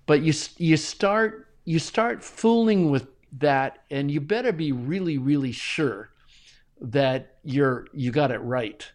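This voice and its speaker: A middle-aged man talking as a guest in a casual interview, animated and often chuckling, with frequent restarts. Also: on the high side, slow. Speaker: Bible translator guest.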